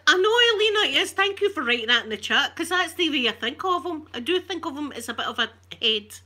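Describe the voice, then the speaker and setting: A woman's voice: high voice, lively intonation, fast talker, bright, forceful tone, a little hiss or hum. A Scottish woman chatting on an ASMR live stream, ranting with animation and swearing freely. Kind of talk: casual live-stream chat.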